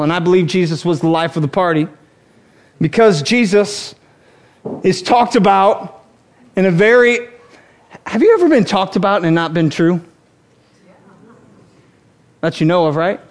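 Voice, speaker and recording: A married man preaching a sermon, humorous and animated, acting out quotes as he teaches. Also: sits high. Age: adult, married. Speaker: pastor.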